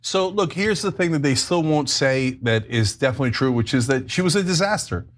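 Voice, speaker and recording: A man's voice: medium pitch, lively intonation, brisk, slight background noise. A middle-aged man co-hosting a political talk show, heated and mocking, slipping into silly voices to quote others. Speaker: show co-host.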